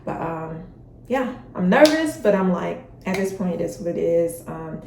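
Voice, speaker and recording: A woman's voice: on the low side, expressive, normal speed, creaky, a little mellow. A woman talking casually and openly to her viewers in a personal vlog, with plenty of feeling in her voice. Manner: chatty and openly emotional, speaks directly to viewers. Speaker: vlogger. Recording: roomy, a bit distant from the mic, faint hiss.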